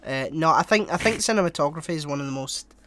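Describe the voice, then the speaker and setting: A man chatting on a podcast in a voice pitched a little above most men's. He cracks self-deprecating jokes and swears casually, and his throat is sore and prone to coughing fits. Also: animated, fast talker, fairly bright tone, a little hiss or hum. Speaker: podcast co-host. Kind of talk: casual chat.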